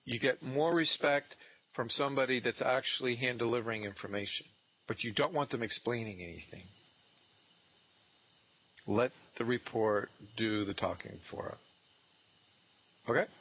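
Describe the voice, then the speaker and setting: A man coaching a trainee one on one on real estate prospecting, animated and acting out sales scripts. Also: medium pitch, unhurried, pauses often, slightly rough, rough recording.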